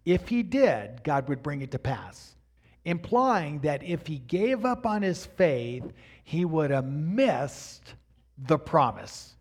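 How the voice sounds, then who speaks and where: Middle-aged man preaching in church, a touch high-pitched, swings from quiet talk to loud calls. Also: very animated, takes it slowly. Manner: dynamic preaching, rising to near shouts at the peaks; addresses the congregation directly. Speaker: pastor. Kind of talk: sermon. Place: church sanctuary before a congregation.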